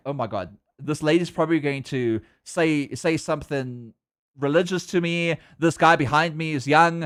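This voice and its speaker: A young man with a South African accent talks in a casual, excitable way. His voice sits a little high and swings widely in pitch. He stammers and repeats words as he gets carried along. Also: smooth. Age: young adult. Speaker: livestreamer. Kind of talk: casual chat.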